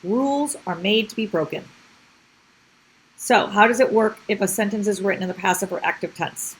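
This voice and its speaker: A woman's voice: medium pitch, moderate pace, breathy edge, poor audio. A woman teacher explaining a grammar lesson step by step, often checking in with the class.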